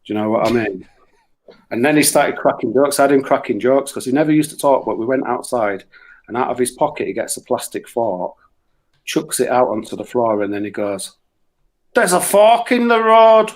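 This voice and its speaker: A man telling comic stories in casual, sweary chat, with animated outbursts. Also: medium pitch, brisk, rough recording. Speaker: musician and guest storyteller.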